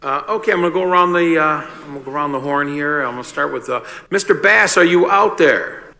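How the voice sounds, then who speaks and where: A man's voice: fairly high pitch, quick pace, gravelly, bright, forceful tone. A man chairing a public meeting, politely calling on board members one by one.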